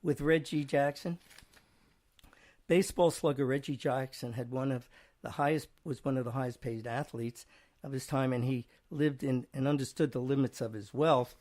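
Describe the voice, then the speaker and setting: A man's voice: medium pitch, steady tone, moderate pace, a little mellow. A man hosting a casual studio chat show, rambling and chuckling as he reads out jokes. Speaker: show host.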